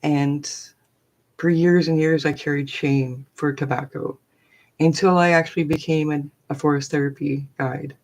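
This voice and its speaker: A woman's voice: deep voice, fairly even intonation, moderate pace, darkish tone. A middle-aged woman, a forest therapy guide, telling a personal story on a live stream in a chatty, rambling way full of fillers.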